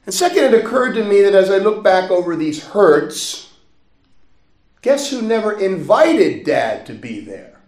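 Priest telling a personal story in a roomy church. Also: male voice, sits high, sing-song, a little slow. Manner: personal storytelling, gentle, laughs often. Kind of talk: sermon.

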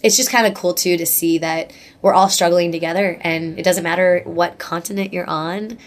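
A woman's voice: lowish voice, fairly even intonation, moderate pace. A woman guest speaker talking earnestly about faith in an interview, with lots of "like" and restarts. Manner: earnest, gushing, many likes and restarts.

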